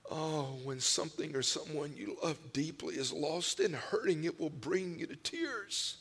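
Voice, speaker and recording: A man preaching a sermon, telling personal stories with emotional swings from hushed whispers to loud cries. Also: on the high side, animated, normal speed, creaky, few pauses, husky. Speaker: pastor. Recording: long hall reverb.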